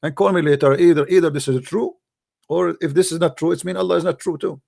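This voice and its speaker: A man with a gravelly, creaky voice hosts a call-in debate, blunt and scornful, hammering his points through repetition. The sound is dry and close to the mic. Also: a little high, fairly even intonation, fast talker, a little mellow, no echo. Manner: blunt and scornful, repeats himself. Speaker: host of call-in debate show.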